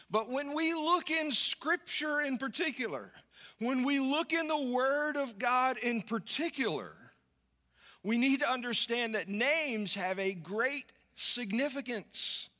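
A man preaching a sermon as pastor, telling a folksy story with lively, conversational delivery. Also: sits high, big-room sound. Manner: folksy storytelling, animated when acting out characters.

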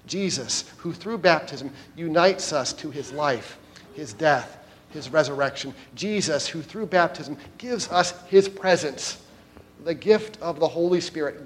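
A man's voice: on the high side, a little slow, fairly bright tone, slight background noise. A man preaching a sermon as pastor at a church service, addressing the congregation directly and earnestly.

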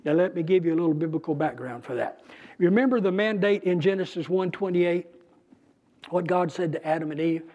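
A man teaching from the Bible in a conversational, emphatic way, pausing and restarting as he goes. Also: high voice, warm tone, dull audio. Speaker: preacher.

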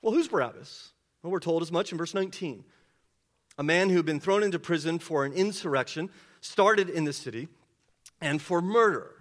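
A man preaching an expository sermon, asking rhetorical questions and dropping low and quiet for emphasis. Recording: long hall reverb.

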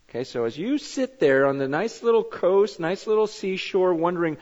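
High-voiced man preaching in echoing hall. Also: expressive, normal speed, a little mellow. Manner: conversational storytelling, repeats words, rises to emphatic. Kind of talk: sermon. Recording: dull sound with long reverb in a hall.

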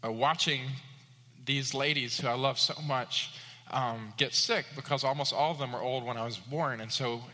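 A man's voice: steady tone, moderate pace, pushed and bright. A man preaching a sermon, telling personal stories with many fillers and rising to emphatic peaks. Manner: rising to emphatic high-pitched peaks on key points; personal storytelling with frequent fillers. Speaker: pastor. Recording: long hall reverb.

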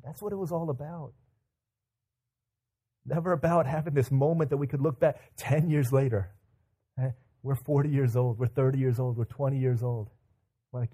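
A man's voice: medium pitch, normal speed, pauses often, dark tone. A man preaching a sermon in a conversational way, acting out inner thoughts as he tells stories. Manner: conversational, with many fillers and repeats.

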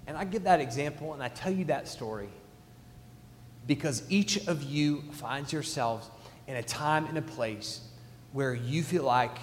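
A man in his thirties preaching a sermon as a pastor, telling stories with big swings from loud to hushed. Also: on the high side, moderate pace, a little hiss or hum. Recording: echoey hall.

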